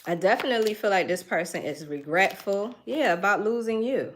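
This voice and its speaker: A woman's voice: medium pitch, fairly quick, a little hiss or hum. Chatty woman doing a tarot reading. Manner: chatty, thinks aloud, laughs now and then. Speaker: tarot reader.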